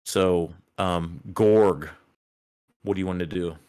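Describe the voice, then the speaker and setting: Low-voiced rambling game master. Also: male voice, fairly even intonation, slow pace, a little mellow, clean tone. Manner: rambling, many fillers and restarts. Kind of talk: narrating a tabletop game.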